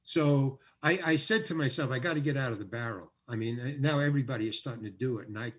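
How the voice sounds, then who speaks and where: A man's voice: medium pitch, quick pace. An older man acting as the guest, telling a story in an interview and acting out the lines of other people. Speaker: guest actor.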